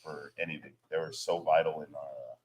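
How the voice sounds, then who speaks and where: A man's voice: extremely low pitch, little pitch movement, a little fast, crowd noise, poor audio. A man who plays in a band, a guest on an interview show, telling road stories in a loose, casual way, swearing freely and using lots of fillers. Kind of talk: casual storytelling chat.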